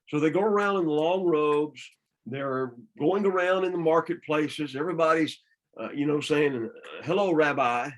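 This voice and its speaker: A man with a Southern US accent leads a church Bible study, his voice sitting a little higher than most. He explains scripture patiently, often restarting and repeating words as he works through a thought. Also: poor audio. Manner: explanatory, with frequent restarts and repetitions.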